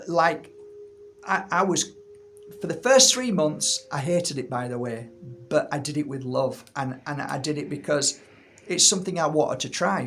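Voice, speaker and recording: A man's voice: on the high side, gravelly, a bit bright, a little hiss or hum. A middle-aged man talking casually and animatedly to his viewers from a room at home, often repeating his words as he rants. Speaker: healer and channel host.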